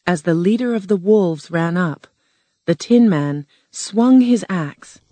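A woman narrating a storybook in a plain, measured reading voice. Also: lowish voice, warm tone, no room sound.

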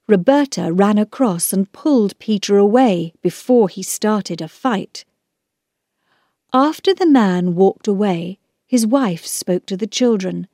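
Slow, expressive woman reading a storybook. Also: mid-range voice, no echo, clean studio sound. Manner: clear, measured, expressive. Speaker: narrator.

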